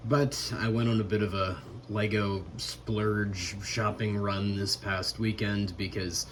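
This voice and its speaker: A man's voice: on the low side, little pitch movement, slow, a little hiss or hum, low-quality recording. Tired man hosting a chatty review vlog. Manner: chatty and rambling. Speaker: host. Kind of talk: casual toy review vlog.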